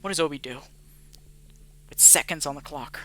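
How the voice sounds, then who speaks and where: A man's voice: fairly high pitch, normal speed, background noise. A man narrating as game master of a tabletop game, casual and rambling, with frequent swearing.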